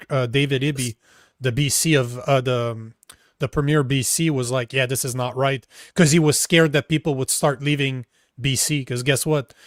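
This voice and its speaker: A man's voice: mid-range voice, dry recording. Male co-host, casual political chat, loose and hesitant delivery, dry close sound. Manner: loose and conversational, hesitant when recalling facts. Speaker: political talk show co-host.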